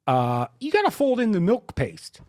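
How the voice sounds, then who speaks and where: A man co-hosting a comedy podcast, explaining an absurd recipe in a deadpan, mock-serious way. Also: sits high, moderate pace, dry recording, clean studio sound. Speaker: podcast co-host.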